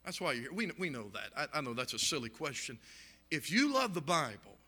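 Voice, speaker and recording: A man's voice: a little high, sing-song, fairly quick, sharp tone, big-room sound. A man speaking fervently at a church meeting, emphatic and full of "and, uh" fillers. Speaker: guest preacher. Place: church sanctuary.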